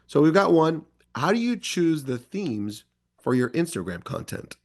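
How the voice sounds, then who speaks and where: A man hosting an interview, reacting with quick praise and reading out audience questions. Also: fairly high pitch, sing-song. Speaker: interviewer and host.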